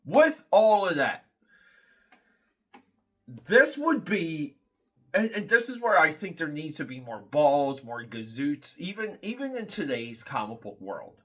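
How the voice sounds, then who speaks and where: A man's voice: fairly high pitch, big pitch swings, a little slow, a bit bright. A man hosting a casual comic book review, rambling and critical, with many fillers and restarts.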